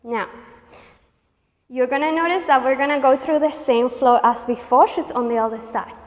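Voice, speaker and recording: A high-voiced woman coaches a pilates class, cheering listeners on and counting down reps. She is out of breath from working out alongside them, and her voice rings with a long reverb. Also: moderate pace. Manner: encouraging, counts reps, panting and laughing between cues. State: out of breath, sweaty. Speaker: pilates instructor. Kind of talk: guided workout instruction.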